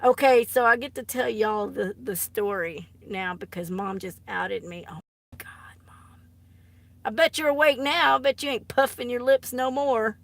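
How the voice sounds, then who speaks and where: A woman's voice: on the high side, moderate pace, vocal fry, few pauses, fairly bright tone. A woman chatting casually on a live stream, giggly and teasing, often dropping into embarrassed whispers. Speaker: artist live-streaming to viewers. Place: home art studio.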